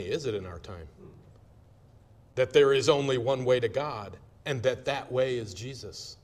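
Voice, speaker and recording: A man preaching a sermon, stressing his points by repeating phrases. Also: mid-range voice. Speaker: pastor.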